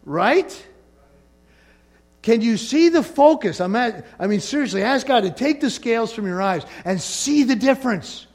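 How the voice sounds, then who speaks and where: A man preaching a sermon as pastor, animated and playful, asking the congregation for responses. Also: very high voice, unhurried. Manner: animated preaching, rising and falling emphasis, call-and-response asides.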